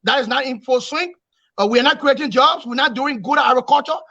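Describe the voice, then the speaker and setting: A man giving forceful political analysis in an interview, emphatic and repetitive, lecturing his points. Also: very high-pitched, brisk, vocal fry, dry recording, lo-fi sound. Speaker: opposition commentator.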